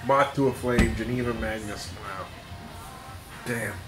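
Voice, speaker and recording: A man's voice: mid-range voice, animated, unhurried, bright, forceful tone. A middle-aged man rambling through a casual monologue, laughing often and swearing freely. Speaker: podcast host. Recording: echoey room with faint music.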